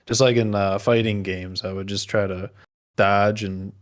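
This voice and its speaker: A man's voice: lowish voice, steady tone, unhurried. A man chatting on a casual podcast, easygoing and wry, often speaking in short remarks. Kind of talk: casual chat.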